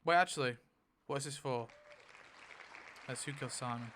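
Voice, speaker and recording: A man in casual, rambling commentary while spinning a wheel to rewrite a story, getting excited at results and briefly quoting characters. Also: mid-range voice, moderate pace, pauses often, some chatter behind. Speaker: YouTuber.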